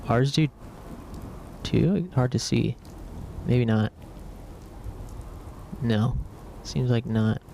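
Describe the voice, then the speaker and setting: Gravelly, mellow male streamer, casual gameplay commentary. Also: mid-range voice, very slow, long pauses, slight background noise.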